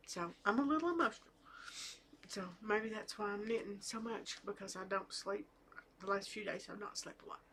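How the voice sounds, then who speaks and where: A middle-aged woman talks casually about her knitting at home, rambling a little with fillers and restarts. Her voice sits at an ordinary pitch, with a faint hiss of room noise behind it. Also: moderate pace, fairly bright tone. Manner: chatty, hesitant, with fillers and restarts. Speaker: knitting vlogger. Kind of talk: casual chat to camera. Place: home with family talking in the background.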